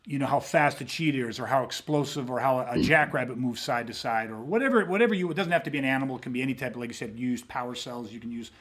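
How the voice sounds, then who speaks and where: A man's voice: medium pitch, fast, few pauses. A man co-hosting a podcast, talking casually and emphatically with frequent swearing. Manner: emphatic, profane, animated storytelling. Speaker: podcast co-host.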